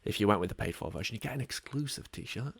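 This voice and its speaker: A man's voice: lowish voice, quick pace, vocal fry, husky, dry recording. A man with an English accent hosting a casual podcast, rambling along with lots of ums. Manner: relaxed, rambling, many ums. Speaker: podcast host.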